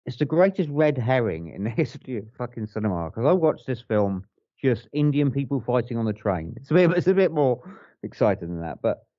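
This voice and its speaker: A man's voice: mid-range voice, dry recording, lo-fi sound. A man co-hosting a podcast, chatting casually and enthusiastically about films, swearing and rambling with restarts. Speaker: podcast co-host. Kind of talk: casual film review chat.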